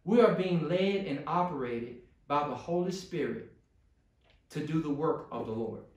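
A man's voice: a little high, lively intonation, normal speed, darkish tone, far from the mic. A man preaching a sermon as pastor to his congregation, building to pleading intensity. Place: church sanctuary. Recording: echoey church room.

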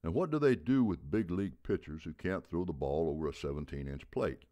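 A man with a very deep voice playing a gruff, blunt baseball coach in his seventies who barks out rhetorical questions. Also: expressive, a little fast, dark tone. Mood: barking. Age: 70s. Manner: barking, booming rhetorical questions.

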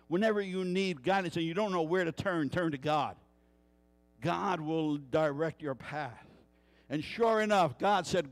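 Guest pastor, male, fairly high voice, storytelling sermon with rhetorical questions. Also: unhurried. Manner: storytelling, acting out quoted voices.

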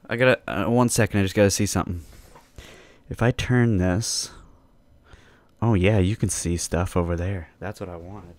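A man's voice: low-pitched, fairly even intonation, normal speed, long pauses, a little mellow, roomy sound. A man hosting his own casual solo podcast, joking loosely and swearing freely as he rambles. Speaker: podcast host. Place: home basement studio.

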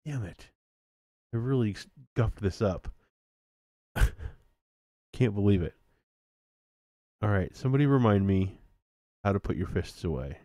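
A man's voice: fairly low pitch, lively intonation, unhurried, pauses often, dark tone, no echo, studio quality. A man casually commenting on his own game stream, laughing at himself as he goes. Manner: self-mocking, laughs at himself.

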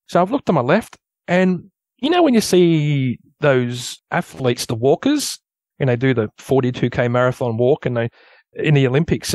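An Australian man tells his story as a guest, rambling and casual and picking up energy when it gets tense. His voice sits in a middle pitch. The sound is dry and close, with no room around it. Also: no room sound. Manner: rambling, loose storyteller who grows animated at tense moments. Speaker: guest recounting an encounter.

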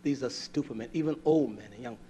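An older man preaching a sermon, scolding and fiery, swinging from low mutters to loud outbursts. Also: quick pace, slight background noise.

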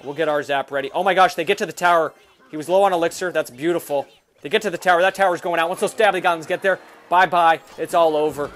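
A young man giving excitable, hyper commentary over a mobile game he is playing, often jumping into loud shouts. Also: fairly high pitch. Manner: excitable and hyper, quick swings into yelling. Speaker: mobile game video host. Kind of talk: live gameplay commentary.

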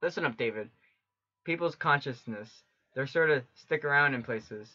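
A man's voice: mid-range voice, moderate pace, sharp tone. A man reading a stern, bossy young friend. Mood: firm. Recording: dull lo-fi with faint game music.

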